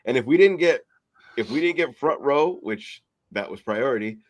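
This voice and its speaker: Man, mid pitch, lively intonation, casual storytelling, swearing. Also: moderate pace. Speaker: podcast co-host.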